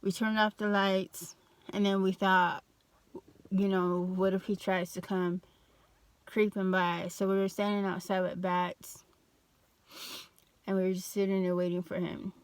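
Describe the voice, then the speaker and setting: A woman's voice: mid-range voice, smooth. A young adult woman telling a personal story in a casual vlog, loose and full of fillers and restarts. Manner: slow, even, flat delivery. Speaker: vlogger.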